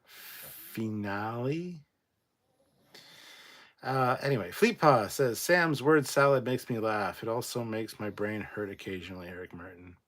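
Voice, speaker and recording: A man hosting a casual livestream, reading viewer comments aloud and adding quick, swearing asides. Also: fairly low pitch, a bit bright. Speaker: livestream host reading chat.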